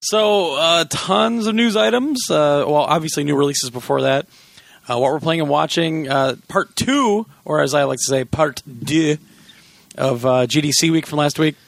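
A man's voice: fairly high pitch, normal speed, creaky, dry recording. A man hosting a casual podcast with a sore voice, chatting loosely and laughing often. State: sore voice, sucking a lozenge. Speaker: podcast host.

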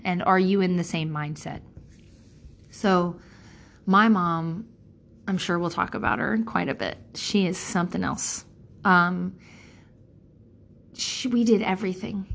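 A woman in her thirties talks straight to her listeners in a loose, rambling monologue, swearing casually as she goes. Her voice sits in a middle pitch and leaps upward whenever she mimics someone else. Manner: rambling, frank, swears freely; animated, jumps in pitch when quoting people. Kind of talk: candid personal monologue.

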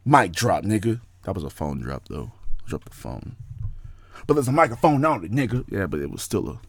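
Profane rambling young man, lively pitch. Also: normal speed, slight background noise. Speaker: podcast host. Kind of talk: casual rant monologue.

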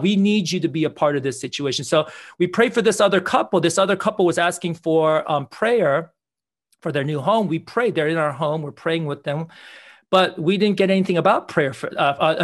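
A man, a pastor, telling prayer testimonies in an earnest way, repeating words and acting out what people said. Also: a little high. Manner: earnest, repeats words, acts out quoted dialogue. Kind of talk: testimony storytelling in conversation.

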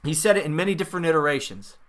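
A man hosting a political podcast, talking in a sarcastic, emphatic monologue with swings in loudness. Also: fairly high pitch, racing. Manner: sarcastic, mocking paraphrases of others; emphatic, rising and falling loudness. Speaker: podcast host.

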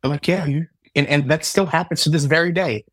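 A man in his thirties from Southern Indiana, fairly high-pitched and quick with a fairly bright tone, tells his story as a psychic reader. As a casual interview guest, he acts out the dialogue with self-mocking humor. The audio is echo-free and studio quality.

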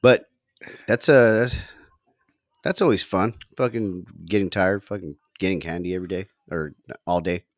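A man's voice: low voice, normal speed, dry recording, clean studio sound. A middle-aged man chatting casually on a podcast, laughing often and swearing as he tells a story. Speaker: podcast co-host. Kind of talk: casual chat.

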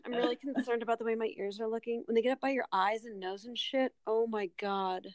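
A woman hosting her own podcast in casual chat, excitable and rambling, dropping lots of "like"s and the odd swear word. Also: fairly high pitch, quick pace. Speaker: podcast host.

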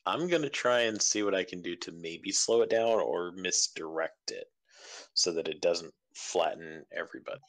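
Very deep-voiced player at a game table. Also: normal speed. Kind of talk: casual tabletop game chat.

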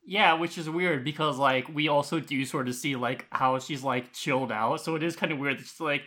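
A man's voice: a little high, moderate pace, few pauses, sharp tone. A man co-hosting a podcast in loose casual chat, full of "like" and fillers. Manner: loose, filler-heavy, lots of "like". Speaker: podcast co-host.

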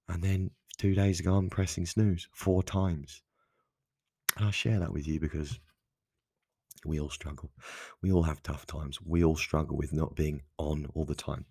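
Here a man hosts a casual solo podcast, speaking at a moderate pace in a steady, dark tone. His low voice is gravelly and husky, and he talks candidly and conversationally with many restarts and asides. The audio is studio quality with no room sound.

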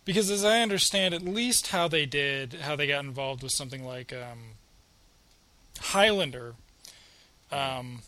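A man with a fairly high, bright voice chatting about movies. He talks casually, pausing and repeating words as he works out his point. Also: animated. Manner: hesitant, repeats words as he thinks. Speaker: podcast co-host. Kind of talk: casual film discussion.

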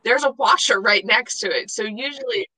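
A woman's voice: on the high side, moderate pace, sharp tone, breathy edge, low-quality recording. A young woman co-hosting a podcast, chatting casually with a friend, giggly and full of fillers. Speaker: podcast co-host. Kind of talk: casual chat.

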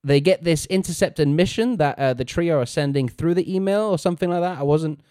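A man talks casually on a podcast, recapping scenes and acting out lines with animation. His voice is smooth and slightly high. The sound is dry and close. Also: fairly quick, dry recording. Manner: animated, acts out characters' lines. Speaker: podcast co-host recapping a TV episode. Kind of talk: casual chat.

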